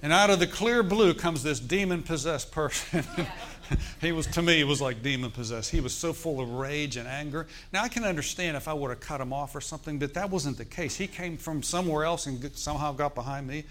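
With a fairly high voice and a fairly quick pace, a middle-aged pastor narrates a sermon story. He speaks in a lively, conversational manner and questions his congregation as he goes.

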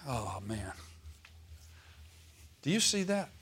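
A man preaching a sermon as pastor, calling out to the congregation and slowing down to stress scripture verses. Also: mid-range voice, very animated, fairly bright tone, breathy edge. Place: church.

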